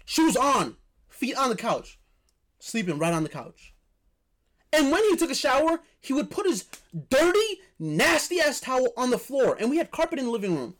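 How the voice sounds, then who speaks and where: Animated young man telling a story. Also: very high-pitched, moderate pace. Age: young adult. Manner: animated, repeats phrases for emphasis. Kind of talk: casual storytelling chat.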